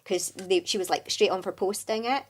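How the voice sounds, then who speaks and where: A woman's voice: mid-range voice, normal speed, crowd noise. Candid, chatty Scottish woman. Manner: candid, chatty, laughs often. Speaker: guest, business owner. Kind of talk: casual interview chat.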